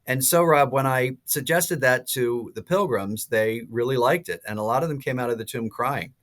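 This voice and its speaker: A priest in his sixties, a podcast guest, telling stories in a lively way with many fillers and restarts. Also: medium pitch, moderate pace. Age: 60s. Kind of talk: casual podcast interview.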